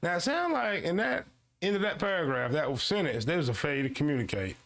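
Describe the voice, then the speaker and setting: A man with a slightly high, gravelly voice hosts a streamed commentary show. He reads a web page aloud at a slow, deliberate pace and breaks off into fast, animated remarks aimed at his audience. He often repeats a line to drive it home. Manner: animated, swings between slow read-aloud and quick asides; talks back to his audience, repeats lines for emphasis. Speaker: show host.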